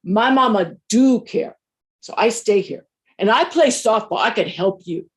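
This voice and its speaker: A woman's voice: medium pitch, expressive, a little slow, lightly acted. A woman voicing an eager, helpful schoolgirl who speaks plainly and earnestly.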